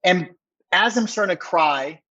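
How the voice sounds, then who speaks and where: A man, a podcast guest, telling a story with excitement in a rambling, conversational way, full of fillers. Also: high voice, measured pace, lo-fi sound. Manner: excited, rambling, heavy use of "like".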